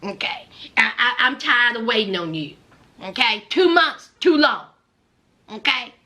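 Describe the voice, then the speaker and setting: Woman doing a deep-voiced, fed-up probation officer. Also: very animated, a little slow, sharp tone, exaggerated voice. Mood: impatient. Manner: impatient, scolding.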